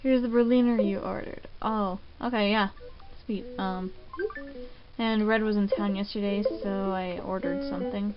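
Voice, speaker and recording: A woman's voice: mid-range voice, moderate pace, muffled recording. Chatty woman gamer over game music. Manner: chatty, relaxed, lots of "um" and "like". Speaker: gaming channel host. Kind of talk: casual Let's Play commentary.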